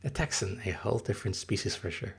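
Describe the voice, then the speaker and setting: A man in his thirties, not a native English speaker, rambles casually through a livestream in a low, gravelly voice with a husky edge. He's expressive and quick, pausing to read and respond to his chat.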